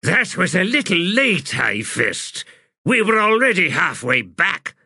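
A man voicing a sharp-tongued male wizard in an audiobook, indignant and quick. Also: mid-range voice, very animated, no echo, studio quality, pitched above the performer's own voice, full character voice. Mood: outraged. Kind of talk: audiobook character voice.

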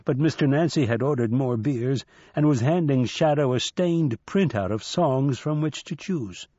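A man narrating an audiobook in a measured, even storytelling manner. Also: mid-range voice, dry recording. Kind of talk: scripted narration. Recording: slightly dull dry recording.

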